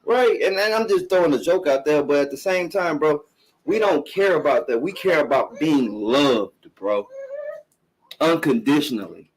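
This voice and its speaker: A man's voice: on the high side, expressive, normal speed, slightly rough, low-quality recording. A middle-aged man hosting a live-streamed podcast, ranting bluntly and emphatically, swearing often and repeating himself. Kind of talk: casual profane commentary rant.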